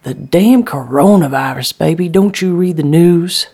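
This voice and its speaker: A woman voicing a frightened sick man who talks in a rough, plain-spoken dialect. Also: on the low side, unhurried, mellow. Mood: scared.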